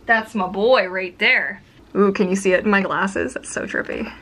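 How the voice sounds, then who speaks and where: A woman's voice: mid-range voice, moderate pace, a bit bright, slight background noise. Chatty woman vlogging at home. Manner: chatty and rambling, heavy on filler words. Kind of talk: casual vlog chat to camera. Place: home filming corner, indoors.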